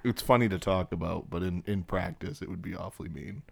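Low-voiced man telling profane stories. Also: a little fast, creaky. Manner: profane, storytelling, laughs often. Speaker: podcast co-host. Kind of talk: casual chat. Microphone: headphones and mic.

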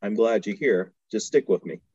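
A man's voice: on the low side, normal speed, a little mellow, husky, dry recording, lo-fi sound. A man from Houston telling stories in casual chat as a podcast guest, laughing often and acting out the voices of people he quotes. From Houston, Texas. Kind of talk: casual storytelling.

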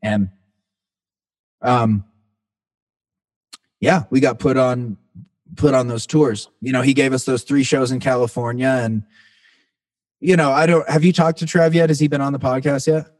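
A relaxed man telling stories as a podcast guest, his voice sitting at a middle pitch. He talks loosely and casually, drops curse words freely, and keeps calling the listener "man" or "dude". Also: a little slow, long pauses. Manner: laid-back, swears freely, says "man" and "dude" often. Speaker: band singer, podcast guest. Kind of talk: casual storytelling chat.

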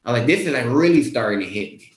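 A young man talks straight to his viewers about his own turnaround, casual and lively, slipping into the voices of his past self. His voice sits in a middle range. A roomy echo hangs around it. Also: medium pitch, rapid-fire. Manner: animated, casual, acts out his own quotes. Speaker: weight-loss coach. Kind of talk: motivational storytelling to viewers.

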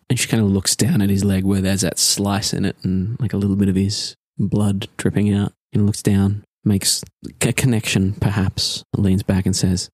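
A man's voice: low voice, flat delivery, normal speed, few pauses, a little mellow, breathy edge, dry recording, studio quality. A man narrating a tabletop game as game master, loose and often laughing.

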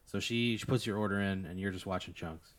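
Guy narrating a goofy made-up scenario, kinda low voice, lots of "like" and laughing. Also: a little fast. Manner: rambling, laughing, lots of "like" fillers. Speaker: game master. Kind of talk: narrating an improvised tabletop scenario.

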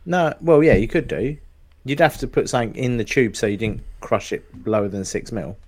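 A man in casual podcast chat, easygoing and quick to laugh. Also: medium pitch, animated, darkish tone.

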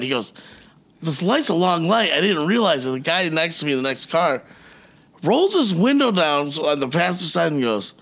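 A middle-aged man co-hosts a casual podcast and tells animated stories. His voice sits a little high and swings widely in pitch. He swears freely and acts out the lines of the people in his stories. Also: brisk. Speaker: podcast co-host. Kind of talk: casual chat.

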